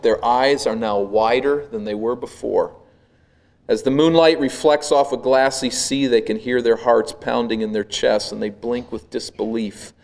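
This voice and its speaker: A male pastor preaching a sermon, retelling a scene with vivid, dramatic storytelling that swells and drops to a hush. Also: mid-range voice.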